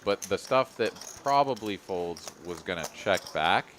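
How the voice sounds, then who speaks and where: A man's voice: low-pitched, expressive, measured pace, slight background noise. A man giving conversational live play-by-play on a poker game, talking through the betting logic. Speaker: poker commentator. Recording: loud card-room crowd behind. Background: crowd chatter of a card room.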